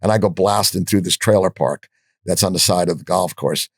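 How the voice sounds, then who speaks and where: A blunt, profane older man with a fairly low voice and a breathy edge tells stories quickly as a guest on a podcast. He acts out quoted dialogue in character voices, captured dry and close with no sense of a room.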